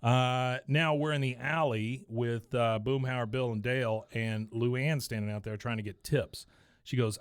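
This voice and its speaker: A man's voice: medium pitch, steady tone, measured pace, smooth, dry recording. A man in casual podcast chat, walking through scenes and reading out bits of dialogue. He laughs often and lightly changes his voice for the quotes. The sound is close and dry, with no room around it. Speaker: podcast co-host recapping an episode.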